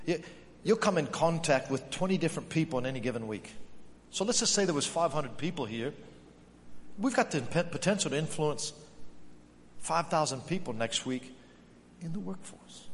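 A man's voice: on the high side, slight background noise. A man preaching a sermon as pastor, telling a workplace story and lifting his voice when he quotes others. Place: church sanctuary. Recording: echoey hall with music behind.

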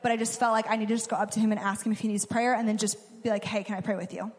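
Young female preacher, conversational sermon, slightly high voice, hall echo. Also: little pitch movement, racing, darkish tone. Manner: casual, conversational preaching with acted-out quotes. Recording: long hall reverb.

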